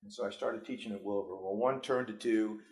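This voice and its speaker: A man's voice: on the low side, brisk, darkish tone. A man in his fifties with a New York accent, a school superintendent giving students a motivational talk through personal stories, earnest and given to restarts.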